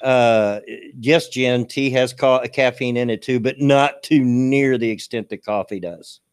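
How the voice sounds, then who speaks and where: A man's voice: mid-range voice, a little slow, clear, resonant tone. A man hosting a casual chat show, folksy and chatty, repeating his words. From American South. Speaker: host.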